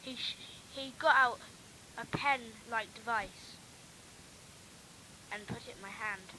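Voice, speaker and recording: Lady reading a homemade story, kinda high voice, noisy home recording. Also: takes it slowly.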